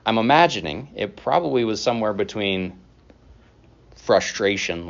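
A man preaching a sermon as pastor, in a conversational way, with casual asides and quick laughs. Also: on the low side, expressive, creaky, muffled recording.

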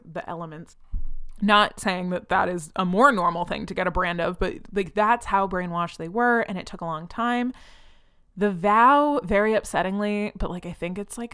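A young woman with a smooth, clear voice talks through a podcast episode in loose, chatty commentary. She sprinkles her sentences with fillers and slips into animated voices when quoting people. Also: mid-range voice. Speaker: podcast host. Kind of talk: casual commentary monologue.

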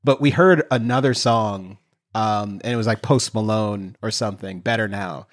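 A man hosting a casual podcast, telling stories in an animated way and laughing often. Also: fairly low pitch, moderate pace. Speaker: podcast host.

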